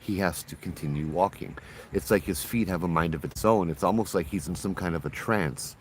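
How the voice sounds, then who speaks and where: Speaking a little fast, a man with a deep voice spins a ghost story in an easygoing, chatty style, taking on the voices of its characters. He is outdoors, and some faint noise can be heard behind him.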